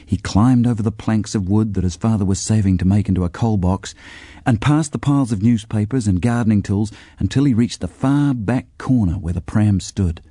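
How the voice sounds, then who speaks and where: A man narrating a children's storybook with an expressive, varied delivery. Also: fairly low pitch, normal speed, no room sound, studio quality. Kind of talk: storybook reading.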